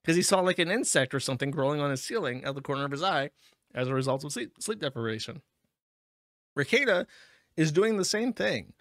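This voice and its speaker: A man's voice: on the high side, expressive, fairly quick, a bit bright, no echo. A man hosting a stream and giving casual, wry commentary over clips. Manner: dry, wry, rambling. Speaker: show host.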